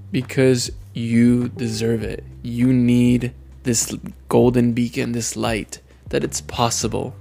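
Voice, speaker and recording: A man in his twenties, crying as he speaks earnestly to his younger self, with long pauses. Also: mid-range voice, vocal fry, a little mellow. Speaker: vlogger.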